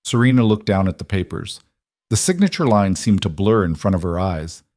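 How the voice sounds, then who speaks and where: A man narrating a romantic drama story in a measured, dramatic scripted reading. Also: sits low, expressive, a little mellow, no room sound, studio quality.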